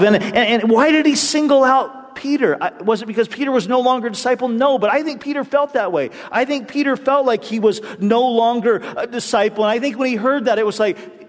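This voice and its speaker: A man's voice: high-pitched, brisk, few pauses, in a large hall. A man preaching a sermon, telling a story with energy and acting out the quotes in different voices. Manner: animated storytelling, acts out quotes in shifting voices. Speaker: pastor.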